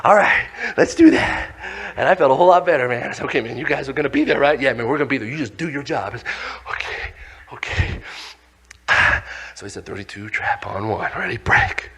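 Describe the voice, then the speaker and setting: A young man giving a motivational talk to a youth audience, telling a story with acted-out voices and shouts. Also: mid-range voice, fast, breathy edge. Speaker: youth speaker.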